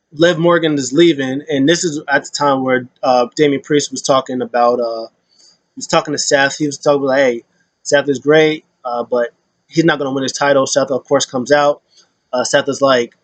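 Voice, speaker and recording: A man's voice: mid-range voice, steady tone, moderate pace, dry recording. A man casually recapping wrestling, rambling with many fillers and acting out quotes in put-on voices.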